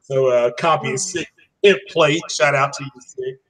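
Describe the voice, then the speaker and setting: A man's voice: medium pitch, normal speed, a bit bright. A man hosting his own online show, chatting in an easygoing way and wrapping up with thanks to his guests. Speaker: show host. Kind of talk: casual chat.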